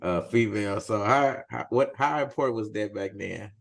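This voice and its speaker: Gravelly low-voiced interview host. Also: male voice, normal speed. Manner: laid-back, frequent affirmations and laughs. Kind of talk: casual interview.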